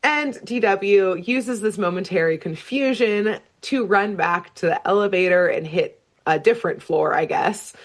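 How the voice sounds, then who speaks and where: A woman co-hosting a podcast, recapping a cartoon episode in casual, animated storytelling with lots of "like". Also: mid-range voice, a little slow, few pauses. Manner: animated storytelling with frequent laughs and "like". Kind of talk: casual chat.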